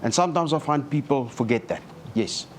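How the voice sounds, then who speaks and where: A man's voice: medium pitch, a little fast, slight background noise. A man moderating a live panel discussion and giving advice to young people. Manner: animated, lecturing advice.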